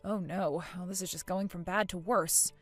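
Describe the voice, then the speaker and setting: A woman voicing a calm, weary middle-aged mother in a storybook tale, patient and level-headed, with faint music behind. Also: lowish voice, moderate pace, close to an everyday voice. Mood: dismayed.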